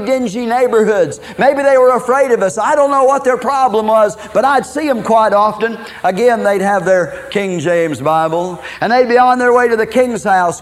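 A middle-aged man from Minnesota preaching his own life story as a sermon, folksy and dramatic, often adding "man" and "okay". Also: high-pitched. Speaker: preacher giving his testimony. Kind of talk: sermon testimony.

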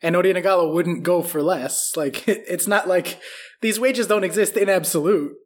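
A man's voice: high voice, moderate pace. A man co-hosting a casual football podcast, talking through signings bluntly and swearing freely. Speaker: podcast co-host.

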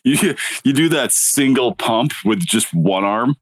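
A man co-hosting a podcast in casual chat, joking and playing along with quick quips. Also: mid-range voice, lively intonation, husky, dry recording, clean studio sound. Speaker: podcast co-host.

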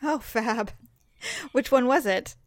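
A woman with a somewhat high voice hosts a podcast in loose, goofy chat, given to slipping into silly voices. The recording is dry and close. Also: slow pace, no room sound. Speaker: podcast host. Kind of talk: casual chat.

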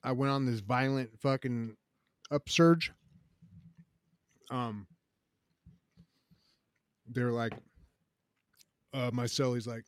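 A man telling stories in a casual chat, profane and animated, saying "bro" constantly. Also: mid-range voice, takes it slowly, long pauses, no echo, studio quality.

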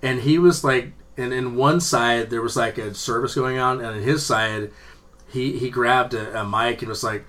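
Bright-voiced man telling rambling stories. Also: medium pitch, fairly even intonation, moderate pace. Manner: rambling, profane storytelling with laughter. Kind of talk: casual chat.

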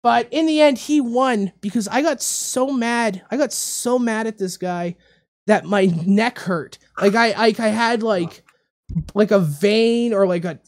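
A man hosting a casual talk show, telling a story in a rambling, animated way and repeating his words. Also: high voice, a little slow. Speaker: radio show host. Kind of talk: casual podcast chat, storytelling.

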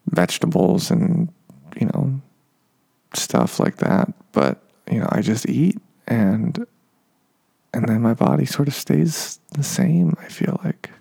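Here the same kind of thirty-something host wanders through a loose talk for his audience, peppered with "um"s and jokes at his own expense. His medium-pitched voice is warm, creaky and husky, delivered slowly but with plenty of animation.

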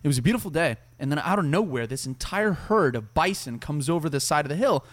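Fast-talking, profane male storyteller. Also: a little high. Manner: profane, animated, slips into voices. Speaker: podcast guest, military veteran. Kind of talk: casual storytelling chat.

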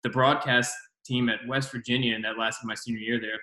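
A man's voice: medium pitch, level tone, fairly quick, bright, forceful tone. A male podcast host chatting casually in a rambling way, full of "like" and "I mean.". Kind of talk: casual interview chat. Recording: echoey room.

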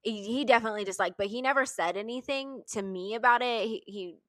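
A woman's voice: fairly high pitch, fast, fairly bright tone, dry recording, studio quality. A young adult woman, a podcast co-host, reacting bluntly and emphatically with lots of swearing in casual chat.

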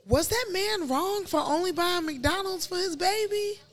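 A woman's voice: very high-pitched, measured pace, a bit bright. A young woman co-hosting a podcast, talking bluntly and casually in slang, with frequent laughter. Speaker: podcast co-host. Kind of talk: casual chat.

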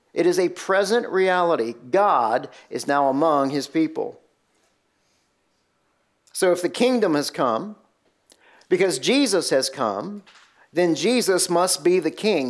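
A man preaching an expository sermon in a conversational, emphatic way, often asking rhetorical questions. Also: sits high. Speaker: pastor.

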